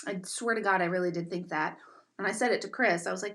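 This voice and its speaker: A middle-aged woman, an intuitive and meditation teacher, rants casually on her live stream in a medium-pitched, somewhat bright voice at a quick pace. She's emphatic and self-mocking, laughing often, with slight background noise.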